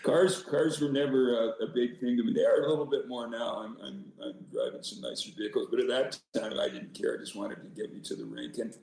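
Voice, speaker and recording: A man's voice: medium pitch, animated, fairly quick, creaky, few pauses, darkish tone, very echoey, poor audio. An older man, a former hockey coach, telling rambling stories as a podcast guest with many restarts. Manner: rambling, self-deprecating, frequent restarts. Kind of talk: casual storytelling.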